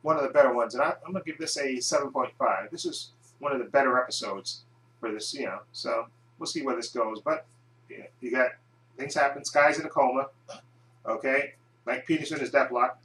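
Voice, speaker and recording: A man's voice: medium pitch, a little fast, a bit bright, reverberant, rough recording. A man giving a casual, rambling recap and review of a TV episode, often restarting his sentences. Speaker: video reviewer.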